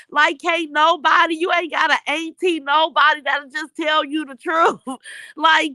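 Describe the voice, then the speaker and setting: A woman's voice: high voice, fairly even intonation, measured pace, pushed and bright, no room sound, low-quality recording. A woman hosting a casual gossip livestream, reading viewer comments aloud with sassy, mocking commentary and laughter.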